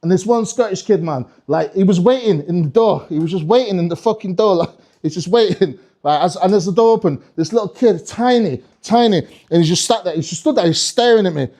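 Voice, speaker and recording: A male stand-up comedian with a fairly high voice tells a long story. He rambles, swears freely and keeps breaking off to restart his sentences. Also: brisk, warm tone. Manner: rambling, sweary, self-interrupting.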